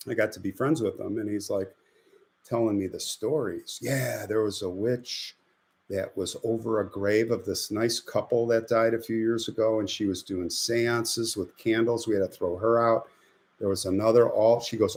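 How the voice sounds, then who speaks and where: A middle-aged man hosting a live stream, telling a rambling, animated anecdote in a casual chat style. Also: on the low side. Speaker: host.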